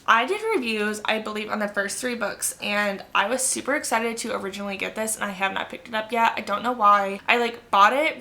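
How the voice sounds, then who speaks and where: Gossipy twenty-something girl talking books, kinda high, bright and a bit gravelly. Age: 20s. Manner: chatty, gossipy, full of "like". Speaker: book vlogger. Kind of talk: casual book chat to camera.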